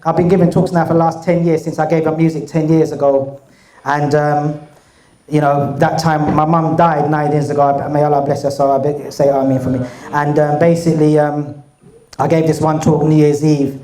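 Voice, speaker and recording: A man's voice: warm tone, echoey room. A man, speaking with a cold, telling a rambling story to an audience and acting out the voices of others. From England. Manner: chatty, rambling, acts out dialogue with raised pitch. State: has a cold. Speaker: guest speaker. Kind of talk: casual storytelling talk to an audience.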